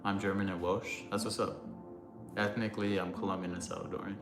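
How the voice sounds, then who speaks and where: A young man with a very low voice chats loosely on his livestream, rambling through answers to chat with plenty of fillers. His voice sounds roomy, with music playing underneath. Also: level tone, a little fast, gravelly.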